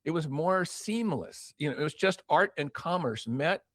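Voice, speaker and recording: At a normal speed and fairly high pitch, this voice is studio quality without echo. An older man who was a record promotion executive tells stories as an interview guest, animatedly acting out quoted dialogue amid many restarts.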